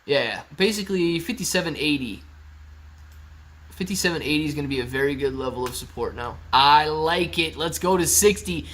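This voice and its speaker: A man's voice: fairly high pitch, moderate pace, fairly bright tone. A young man from Ohio hosting a casual stock livestream, reading chat comments aloud in an upbeat, jokey way.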